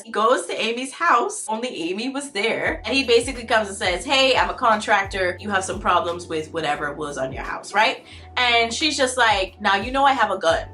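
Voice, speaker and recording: A woman in her twenties from the Bahamas, casually recapping a TV show in a chatty, incredulous way. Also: medium pitch. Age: 20s. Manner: chatty and incredulous, with lively exclamations. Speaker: video reviewer.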